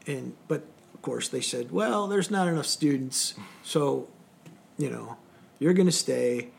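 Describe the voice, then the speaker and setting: A man, a Coast Guard veteran, casually recounting his training days in a rambling, wry way, his voice dropping off quietly at the end of phrases. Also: on the high side, gravelly. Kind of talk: casual anecdotal storytelling.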